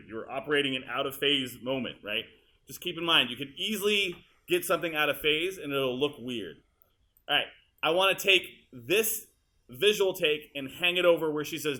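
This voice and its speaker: A male teacher walking students through an editing demonstration in a high school classroom, casual and chatty as he works. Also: fairly quick, sharp tone. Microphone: room mic, uneven audio quality.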